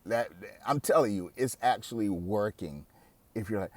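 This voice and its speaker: Host, 40s male, lowish voice, casual self-help monologue, frank and swears. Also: lively intonation, moderate pace, no echo. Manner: candid, conversational, swears freely. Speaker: podcast host.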